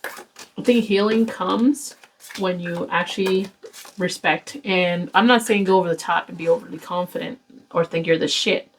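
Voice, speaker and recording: A woman's voice: on the low side, moderate pace, slight background noise, low-quality recording. A woman giving a casual tarot reading to camera, blunt and exasperated, swearing and lecturing her viewers. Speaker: tarot reader.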